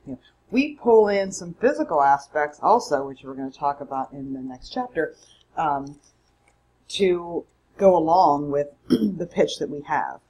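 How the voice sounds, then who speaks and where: A woman's voice: sits low, a little mellow, slight background noise, low-quality recording. A woman instructor giving a conversational, emphatic recorded mini-lecture from home. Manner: conversational, emphatic, self-correcting. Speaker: college public speaking instructor.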